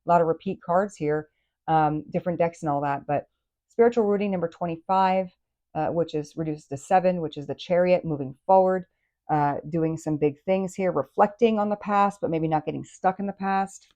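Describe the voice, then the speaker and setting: A woman's voice: lowish voice, moderate pace, lo-fi sound. A woman giving a chatty, casual tarot reading, full of fillers and exclamations. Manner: chatty, animated, many fillers. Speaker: tarot reader.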